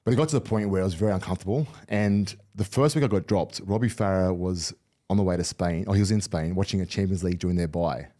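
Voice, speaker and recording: In a casual storytelling interview, a middle-aged ex-rugby league player guesting on a podcast speaks fast with a low, mellow voice. His manner is candid and rambling, with lots of restarts.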